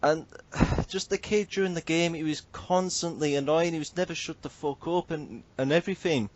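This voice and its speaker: A man's voice: a little high, moderate pace, dull audio. A man, hosting a casual podcast and telling a story animatedly, swearing and mimicking others. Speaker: podcast host.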